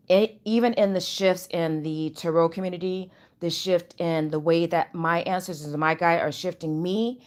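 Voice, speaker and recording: Sleepy, chatty woman with a lowish voice. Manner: chatty, rambling, many fillers. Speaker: spiritual reader and channel host. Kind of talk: casual spiritual vlog update.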